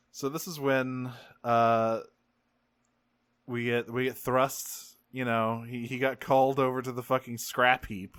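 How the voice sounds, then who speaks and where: In a smooth, medium-pitched voice with no echo, a male podcast co-host goes over a cartoon episode. He's profane and animated, jumping into quick voices to perform the characters' lines during the casual chat.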